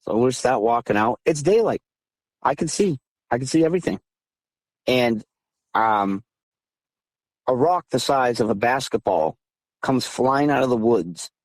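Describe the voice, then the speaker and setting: Guy in his 30s on the phone telling his story, dry sound, gets fired up and loud-ish when it heats up. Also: mid-range voice, a little slow, pauses often, dry recording. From southeastern Massachusetts. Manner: animated, emphatic retelling, voice climbing when heated. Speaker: guest recounting encounters. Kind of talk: casual storytelling interview. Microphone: phone call.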